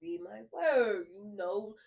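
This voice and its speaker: A woman's voice: medium pitch, slow, creaky. A woman co-hosting a faith podcast, chatting casually and acting out her inner voices as she tells stories. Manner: animated storytelling with acted inner voices. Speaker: podcast co-host.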